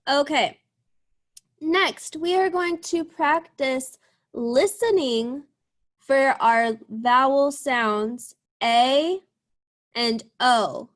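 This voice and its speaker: A young woman teaching a young class over a video call, drawing out sounds slowly and encouraging the children. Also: high voice, a bit bright. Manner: slow, encouraging, drawn-out sounds. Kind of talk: online class lesson.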